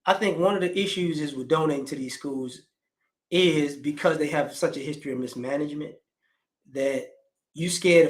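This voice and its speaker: A man's voice: on the high side, moderate pace. A man in his forties talking casually, rambling with frequent restarts and fillers. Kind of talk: casual conversational commentary.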